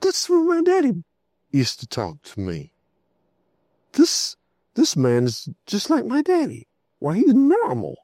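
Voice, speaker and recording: A man's voice: very high voice, wildly swooping pitch, slow pace, pauses often, dark tone, dry recording, studio quality, pitched above the performer's own voice, exaggerated voice. A male preacher voicing a nervous, awestruck young man who stammers over his words. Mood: amazed. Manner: stammering, breathless.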